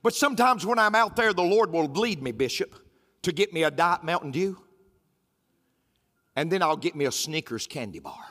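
A man's voice: a little high, lively intonation, moderate pace, pauses often, bright, forceful tone. A man preaching a sermon as pastor, emphatic and repetitive, with folksy humor. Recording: roomy hall with faint music.

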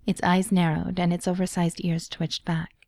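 A woman narrating a story in a measured way, her low voice carrying a gravelly texture. The tone is dark and mellow. The recording is dry and close. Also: little pitch movement, no echo. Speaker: podfic reader. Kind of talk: dramatic audiobook narration.

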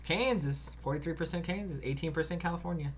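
A young man co-hosting a podcast, chatting playfully with quick eager interjections. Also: fairly high pitch, slight background noise. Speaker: podcast co-host. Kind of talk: casual chat.

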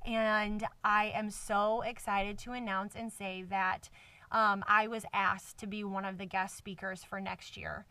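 A woman's voice: medium pitch, level tone, measured pace, pushed and bright, dry recording, distant mic. A woman hosting a casual faith podcast alone, talking earnestly and effusively with many fillers, close to tears, into a microphone set in a cardboard box. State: emotional. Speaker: podcast host.

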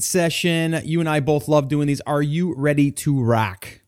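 Excited rambling podcast host, man. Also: on the high side, measured pace. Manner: enthusiastic, rambling with fillers. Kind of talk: casual podcast chat.

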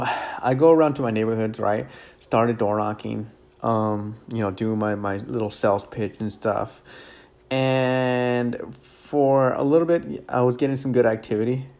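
A man with a gravelly, fry-tinged voice at an ordinary middle pitch, telling stories in a loose, rambling way. He is relaxed and candid, curses now and then, and keeps circling back with fillers and restarts. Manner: rambling, many fillers and repeated words; relaxed and candid, with mild cursing. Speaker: real estate agent. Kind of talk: casual storytelling.

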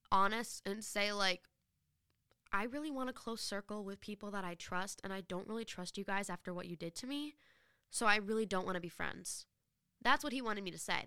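A teenage girl hosting her own podcast, telling a personal story in a chatty, animated way with lots of fillers. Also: mid-range voice, clear, resonant tone, dry recording, studio quality. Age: teens. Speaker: podcast host. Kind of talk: casual advice monologue.

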